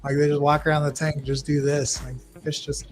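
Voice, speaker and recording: A man's voice: on the high side, flat delivery, fairly quick, soft background music. A young man, a guest on a livestream, chatting casually and telling rambling stories with acted-out quotes. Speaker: guest shrimp breeder.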